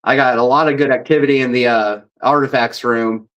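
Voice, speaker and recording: A man being interviewed as a paranormal investigator, telling stories in a rambling, animated way and acting out the dialogue. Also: mid-range voice, brisk, highs cut off. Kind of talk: casual storytelling.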